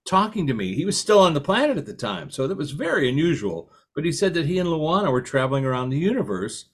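A man hosting a relaxed conversation, asking his guest many questions. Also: on the high side, fast, husky. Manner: animated, asks many questions. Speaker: podcast host. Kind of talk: casual conversation.

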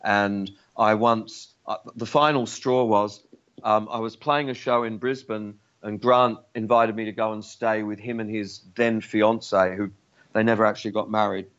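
A man's voice: lowish voice, fairly even intonation, normal speed, a bit bright, muffled recording. An older Australian man, a musician guest, telling blunt, profane stories in a casual interview. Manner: blunt, profane storyteller who acts out voices.

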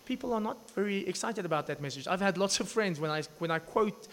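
Animated man preaching. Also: high-pitched, quick pace. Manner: storytelling, animated asides, frequent restarts. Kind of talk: sermon. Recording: echoey hall reverb.

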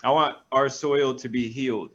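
A man, a pastor, reading scripture aloud and breaking off into energetic, animated stories with quick asides. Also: mid-range voice, highs cut off. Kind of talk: reading scripture and preaching in a talk show.

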